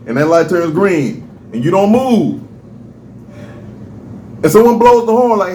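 A man co-hosting a casual podcast, ranting in an animated, profane way and laughing often. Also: sits high, a little slow, pauses often. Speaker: podcast co-host. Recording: roomy echo, faint background noise.

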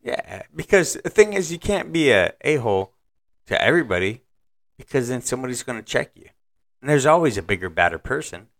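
A man from the northeastern US with a mid-pitched voice that moves in lively swings. He co-hosts a relaxed conversation, easygoing and ready with stories from his own life. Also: fairly quick. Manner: easygoing, tells personal anecdotes. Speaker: podcast co-host. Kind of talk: casual chat.

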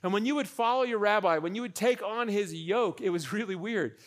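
A young adult man preaching a sermon as pastor, animated, with joking asides, repeating phrases for emphasis. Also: high voice, a little fast.

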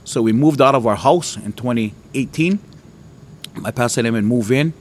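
A man from Hawaii, a preacher giving his testimony, who tells his story with lively jumps in voice and frequent laughter. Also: moderate pace, a little hiss or hum. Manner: animated storytelling, voice jumps high and loud when retelling his outbursts; laughs often. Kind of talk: testimony to an audience.

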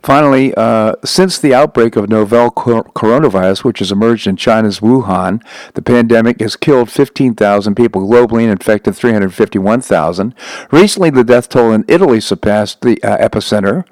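A man's voice: on the low side, a little fast, darkish tone, no room sound, poor audio. A man hosting a talk show, reading news items aloud and breaking off for asides, with frequent slips and restarts. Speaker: radio talk show host.

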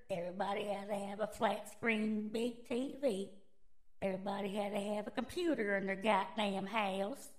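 A woman's voice: mid-range voice, close to an everyday voice. Woman putting on a furious redneck man. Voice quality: drawling, profane, shouting bursts. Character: angry Southern redneck man, gun-loving conspiracy ranter. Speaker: comedy character. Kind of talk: comedic character rant.

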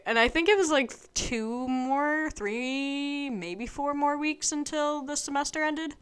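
A woman's voice: high-pitched, lively intonation, slow pace, hardly any pauses, fairly bright tone. A young woman of about twenty telling a personal story to her vlog audience in a chatty, rambling way full of fillers. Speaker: vlogger.

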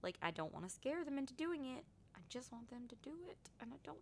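A woman's voice: high-pitched, fast, a little hiss or hum. A woman in her thirties co-hosting a casual podcast, telling stories animatedly about her kids. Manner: animated storytelling, acts out her kids' voices. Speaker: podcast co-host. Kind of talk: casual chat.

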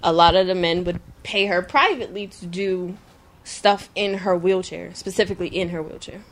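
A woman's voice: on the low side, moderate pace. A woman co-hosting a podcast, talking candidly in casual chat, telling stories and laughing often. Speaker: podcast co-host.

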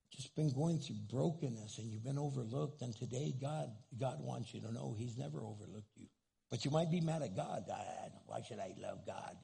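Man, pastor, sermon, gravelly, husky, lively pitch, comic asides. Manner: animated, acts out angry churchgoers in comic asides.

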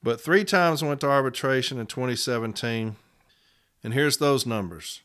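In a relaxed podcast monologue, a union representative lays out his story in plain terms, slowing down to repeat case numbers. He has a medium pitch, lively intonation and a fairly bright tone.

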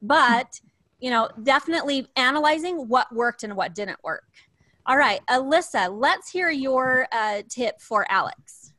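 A woman's voice: sits high, lively intonation, measured pace, pushed and bright, no echo. A woman hosting a podcast panel, upbeat as she recaps points and passes to the next guest. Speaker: host.

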